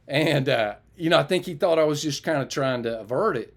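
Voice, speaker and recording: A man telling a personal testimony as a preacher, lively in his retelling and sinking low and quiet when he recalls praying. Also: fairly quick, vocal fry. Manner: animated retelling, raises his voice for others and drops low and quiet for prayer.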